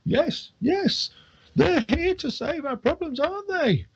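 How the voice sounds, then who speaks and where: A man's voice: very high-pitched, lively intonation, slow pace, gravelly, a crowd in the background, voice pushed up, heavily acted. A man voicing a rambling, drunk old villager with a wavering, imploring voice. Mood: fawning. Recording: dull lo-fi audio.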